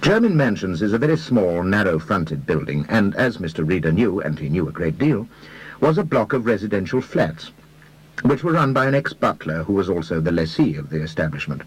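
A man narrating a classic detective story with dry, measured storytelling. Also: low-pitched, sing-song, breathy edge, low-quality recording. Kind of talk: audiobook narration.

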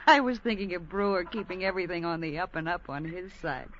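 A woman's voice: fairly low pitch, fairly quick, a bit bright, slight background noise, natural voice. An actress playing a scheming woman who teases her lover and demands money, in a 1950s radio drama with mocking laughter. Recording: dull lo-fi old radio broadcast.

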